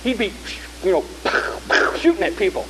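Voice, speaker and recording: A man preaching a fervent sermon, swinging from shouts to hushed tones. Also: high voice, lively intonation, normal speed, slight background noise, rough recording.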